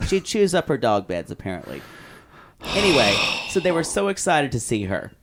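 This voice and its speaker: A man's voice: medium pitch, sing-song, moderate pace, a little hiss or hum. A man co-hosting a podcast, chatting casually, swearing and gossiping. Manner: swearing, gossipy, slips into mocking quotes. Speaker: podcast co-host. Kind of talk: casual chat.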